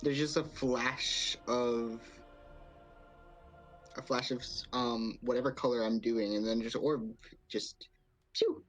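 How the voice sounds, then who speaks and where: A man's voice: mid-range voice, steady tone, takes it slowly, pauses often, fairly bright tone, faint music behind, low-quality recording. A man playing a tabletop game, hesitant and thinking aloud as he describes his spell. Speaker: player. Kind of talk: casual tabletop game play.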